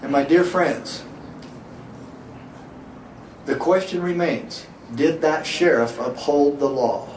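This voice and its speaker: A man's voice: on the high side, slow pace, long pauses, a little mellow. A middle-aged man, a sheriff, giving a public speech, telling a story and asking the crowd rhetorical questions. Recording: echoey hall from far off, faint hiss.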